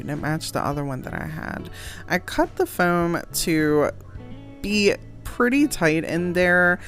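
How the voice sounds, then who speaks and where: A woman talking through a craft tutorial in a casual voice-over, chatty and giggly, often poking fun at herself. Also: deep voice. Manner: chatty, giggly, self-deprecating. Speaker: crafting vlogger.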